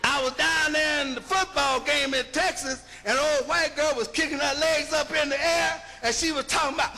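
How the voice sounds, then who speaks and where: High, bright, gravelly male lecturer. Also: fairly even intonation, normal speed, few pauses. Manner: punchy, rhetorical, asks listeners to follow along. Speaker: linguistics lecturer. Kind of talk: emphatic lecture to an audience. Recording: long hall reverb.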